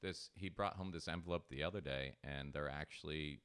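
A man's voice: rumbling low, brisk, fairly bright tone, clean tone, dry recording. A man in his thirties, co-hosting a casual podcast chat, telling jokey stories with swearing and laughter. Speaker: podcast co-host.

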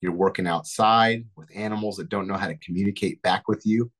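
A man with a somewhat low voice tells stories and gives advice as a podcast guest. He speaks earnestly and encouragingly, building up a motivational message for newcomers. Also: fairly even intonation, brisk, poor audio. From Texas. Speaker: zookeeper guest. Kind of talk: interview advice.

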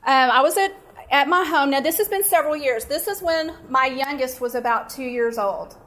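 High-voiced middle-aged woman preacher. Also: normal speed. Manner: warm, animated storytelling, laughing at herself. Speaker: women's conference breakout speaker. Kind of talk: conversational Christian teaching with personal story. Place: conference breakout session.

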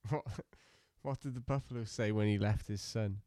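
A man co-hosting a podcast, reading out corny jokes deadpan and laughing at his own punchlines. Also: on the low side, normal speed, no room sound, studio quality. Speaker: podcast co-host.

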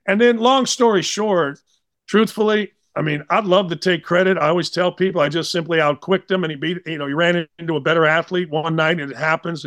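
A man in his sixties telling blunt, animated sports stories as a podcast guest. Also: high-pitched, dry recording, clean studio sound. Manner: blunt, animated, slangy anecdotes. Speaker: guest, former college basketball player. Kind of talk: casual storytelling.

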